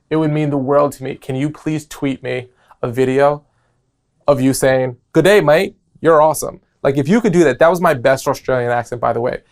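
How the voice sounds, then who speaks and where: Gravelly, playful New York man. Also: a little high. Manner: playful, rambling, animated, jokes and tangents. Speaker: podcast host. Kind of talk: solo motivational podcast talk.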